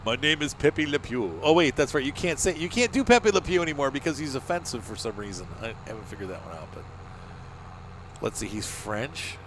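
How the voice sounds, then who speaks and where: Male game host with a lively, up-and-down voice, jokey running commentary over gameplay, faint noise behind. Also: mid-range voice, a little fast. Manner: chatty and jokey, narrating his own moves. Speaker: gaming channel host. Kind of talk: casual let's-play commentary.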